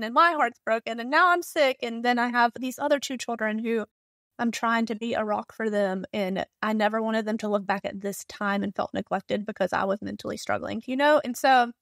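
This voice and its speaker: A woman in her thirties from the Southern United States, speaking with a Southern US accent, tells a personal story candidly and emotionally as a podcast guest. Her voice is on the high side, gravelly and fairly bright. The recording is dry and of studio quality.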